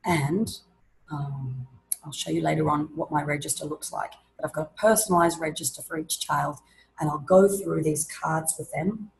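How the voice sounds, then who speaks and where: A woman presenting an online teaching webinar, explaining classroom activities in a lively way and acting out examples. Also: low voice, normal speed, vocal fry, rough recording. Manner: lively, demonstrates classroom voices and chants.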